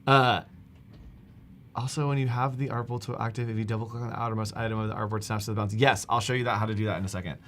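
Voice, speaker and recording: A man hosting a live stream, casually walking viewers through a software demo step by step. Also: lowish voice, fairly even intonation, fast, a little hiss or hum. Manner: casual, talks viewers through steps on screen. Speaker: livestream host.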